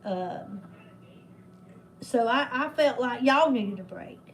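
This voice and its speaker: An older woman with a drawl chats casually on her livestream, her voice sitting high. She rambles warmly from one thought to the next, dropping in folksy religious turns of phrase. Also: animated, slow pace, slight background noise, poor audio. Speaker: livestream host.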